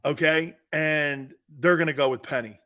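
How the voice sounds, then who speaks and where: A man's voice: on the high side, normal speed, sharp tone. A man hosting a sports talk show, brash and joking in casual banter. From Italian-American.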